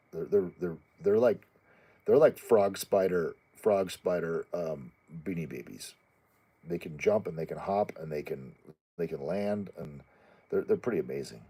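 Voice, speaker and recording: A man with a very low, husky voice talks through viewer questions in loose, unscripted chat. His tone is dark and mellow, and he stops and restarts sentences often. Now and then he jumps up into a squeaky voice to act out his pets. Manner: rambling, halting, many restarts and fillers; acts out pet voices in a high squeaky tone. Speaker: channel host answering viewer questions. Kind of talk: casual chat.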